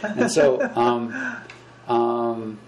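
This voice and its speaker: Gentle man teaching a small group. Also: medium pitch, very slow, low-quality recording. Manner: gentle, repetitive, animated when acting out examples. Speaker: spiritual teacher. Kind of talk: informal lecture to a small group.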